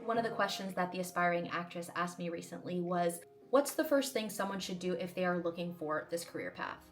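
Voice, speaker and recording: Woman, actress, earnest encouraging advice, slightly low voice, soft music underneath. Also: a little fast. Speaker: actress answering viewer questions. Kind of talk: advice Q&A vlog.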